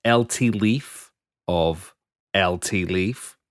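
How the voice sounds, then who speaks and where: A man's voice: deep voice, very slow, no echo, clean studio sound. A man co-hosting a podcast in casual chat, joking and laughing often as he rambles through lists. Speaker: podcast co-host.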